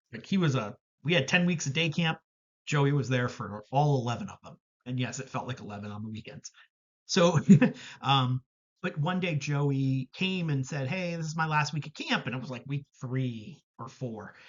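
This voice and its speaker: A man's voice: medium pitch, lo-fi sound. A man telling a candid personal story about his camp work, reflective, with many fillers and self-corrections, over a video call.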